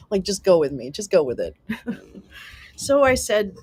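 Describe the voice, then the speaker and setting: A livestream host with a medium-pitched, slightly mellow voice and a breathy edge chats easily with her viewers. She reads comments aloud, laughs often, jokes around, and swears casually in a self-mocking way.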